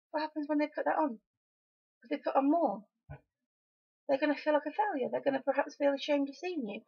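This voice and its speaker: A young woman from Wales speaks her mind in a casual vlog, frank and emphatic with an edge of exasperation. Her fairly high voice carries a husky, gravelly fry. The home recording sounds dull and lo-fi. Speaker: vlogger.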